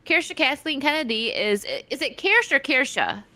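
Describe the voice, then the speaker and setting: A woman's voice: sits high, very animated, moderate pace, bright, forceful tone, no room sound. A woman hosting a casual livestream chat, reading out viewer donations and chatting with guests in a giggly way. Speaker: livestream host.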